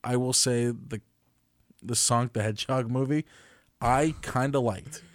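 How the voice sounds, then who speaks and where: A man's voice: medium pitch, fairly even intonation, unhurried, no room sound, clean studio sound. A man co-hosting a podcast in casual chat, easygoing and agreeable. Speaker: podcast co-host.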